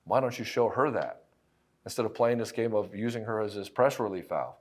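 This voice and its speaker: A man's voice: on the low side, fairly quick. A middle-aged man coaching married men in a blunt, profane, emphatic monologue, speaking straight to the listener. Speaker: relationship coach. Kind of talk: direct-to-camera monologue.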